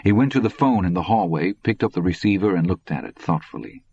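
Man, audiobook narration, husky, very low voice, muffled lo-fi recording. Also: expressive, a little fast, darkish tone. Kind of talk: scripted narration. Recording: dull, lo-fi recording.

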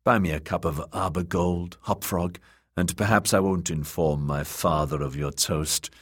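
A lazy young lord teases and needles in a soft, sly voice, as a male narrator puts him on. The tone is idle and mocking, with a husky edge. He lounges over every word. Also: low voice, fairly even intonation, measured pace, no echo, clean studio sound.

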